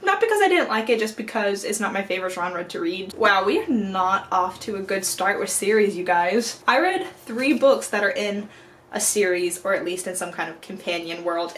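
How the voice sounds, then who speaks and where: A young woman with a slightly high voice talks through a casual book review vlog. She rambles warmly and loosely, and her pitch swings up and down with quick asides. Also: slight background noise. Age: young adult. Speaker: book vlogger.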